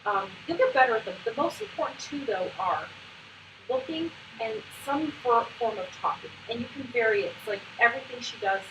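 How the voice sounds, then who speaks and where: A woman trainer talks quickly and brightly, scattering "like" through her coaching. She sounds a little high. The recording is distant and roomy, with steady noise behind her. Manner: brisk, chatty, full of "like" fillers. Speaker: trainer of autism program volunteers. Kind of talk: hands-on instructional coaching. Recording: echoey room, distant mic, background noise.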